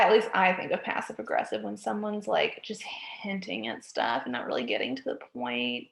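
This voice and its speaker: A college writing instructor gives a recorded lecture in an echoey room, her mid-range voice slightly creaky. She often checks in with "okay?" and corrects herself mid-sentence.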